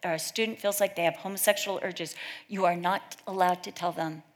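A woman's voice: on the low side, steady tone, a little fast. A middle-aged woman giving a sermon in a conversational, storytelling style, acting out quoted voices as she goes. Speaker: speaker at a church gathering. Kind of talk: sermon with personal stories.

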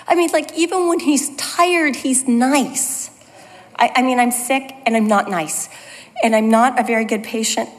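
A woman teaching a Bible study in a conversational, self-deprecating storytelling manner. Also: high voice. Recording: long hall reverb.

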